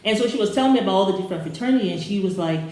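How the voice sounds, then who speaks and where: Soft-spoken woman in an echoey room. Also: mid-range voice, lively intonation, very fast. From Sierra Leone. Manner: rambling, many fillers and restarts. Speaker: co-host reviewing a docuseries. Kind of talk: casual storytelling.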